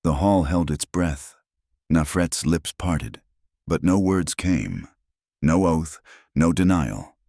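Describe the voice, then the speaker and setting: Male narrator, very low voice, dry close sound, dramatic measured storytelling. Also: vocal fry, dark tone, no room sound.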